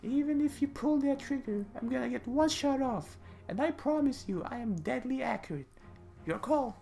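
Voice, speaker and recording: A man's voice: lively intonation, normal speed, vocal fry, dark tone, soft background music, heavily acted. A man voicing a tough, commanding female detective in a jokey podcast scene read. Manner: high put-on voice, clipped tough-cop threats.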